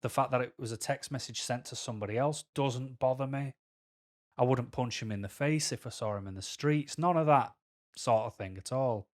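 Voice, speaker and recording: A man's voice: medium pitch, normal speed. A man with a Mancunian accent talking candidly to camera as a vlogger, rambling through personal stories with tangents.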